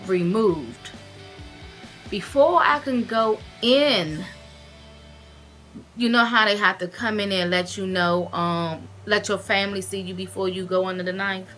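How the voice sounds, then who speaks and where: Woman vlogging about her life, bright clear voice, earnest and expressive, bit of music under it. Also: mid-range voice. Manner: earnest and expressive, retells events with emotion and direct advice. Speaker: vlogger sharing her weight-loss surgery experience. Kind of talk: casual to-camera storytelling and advice.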